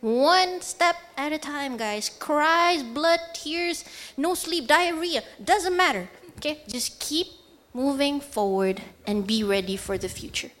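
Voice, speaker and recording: A woman from Brunei giving a motivational talk to young people at an event, telling an animated story and acting out the dialogue. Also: high-pitched, takes it slowly. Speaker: invited speaker. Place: event stage before an audience.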